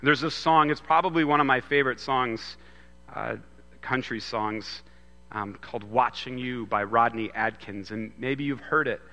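A man's voice: medium pitch, normal speed, bright, forceful tone. A man preaching a sermon on a Father's Day morning, in a loose, conversational way with frequent restarts. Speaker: pastor. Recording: long hall reverb.

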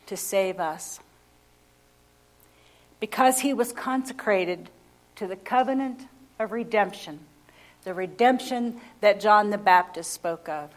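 Slow, emphatic woman preaching a sermon. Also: mid-range voice. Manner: slow, emphatic, repeats key phrases for weight.

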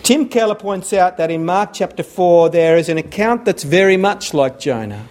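A man's voice: high voice, animated, moderate pace, darkish tone. A man preaching a sermon, earnest and repeating phrases for emphasis.

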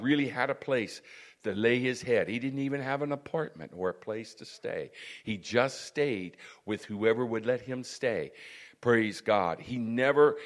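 Preacher man with "praise God" asides. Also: medium pitch. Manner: peppers talk with "praise God" and "amen", building to loud emphatic stretches. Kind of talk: sermon.

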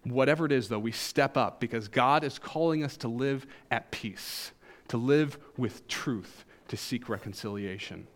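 A male pastor preaching a sermon in a conversational storytelling way, with wry humor and a voice that swings between emphatic highs and soft, low asides. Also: a little slow.

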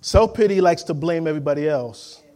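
A man delivers a lively sermon in a high voice, driving home each point and calling for the congregation to answer back. He slips into quick impressions of the people he quotes, then returns to plain, emphatic preaching. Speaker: pastor.

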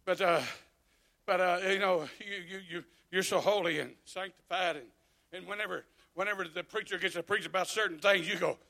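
A man preaching a sermon, folksy and joking, dropping to quiet asides and then shouting exhortations. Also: high voice, steady tone, brisk, gravelly.

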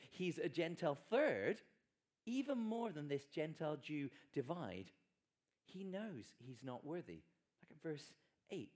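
A man's voice: mid-range voice, a little mellow. A man preaching a sermon in a conversational, emphatic way with wry asides.

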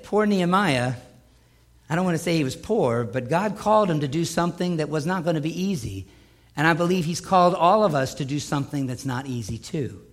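A man preaching a sermon, emphatic and driving home points with repetition. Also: fairly high pitch.

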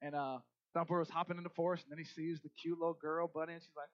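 A male pastor preaching a sermon, animated, swinging between loud emphasis and soft asides. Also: a little high, quick pace, dry recording, muffled recording.

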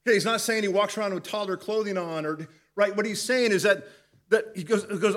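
A male pastor talks through a Bible passage in a loose, conversational way. His voice sits a little high, and he stumbles and restarts phrases as he thinks aloud. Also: fairly bright tone. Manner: conversational, halting with repeated restarts. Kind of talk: devotional Bible teaching.

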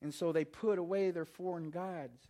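A man preaching a sermon, impassioned, often repeating words and climbing higher and louder as he quotes God. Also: fairly even intonation, normal speed. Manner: impassioned, repeats words, rising to shouts when quoting God.

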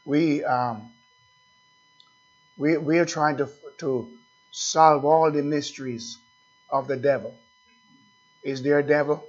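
Slow, husky preaching pastor. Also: male voice, on the high side, steady tone, dull audio. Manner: slow, repetitive preaching with questions to the congregation. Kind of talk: sermon.

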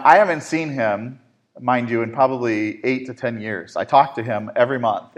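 Man host, faith talk show, animated storyteller, mid pitch, lots of fillers.

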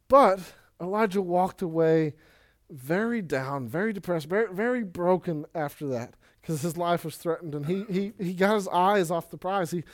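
A man preaching a sermon in a casual, energetic way, with quick asides and Bible readings. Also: high voice. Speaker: pastor.

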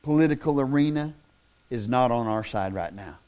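A middle-aged man preaching a sermon in a folksy, plain-spoken way that swells into loud, impassioned shouting. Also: medium pitch, lively intonation, moderate pace. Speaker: pastor.

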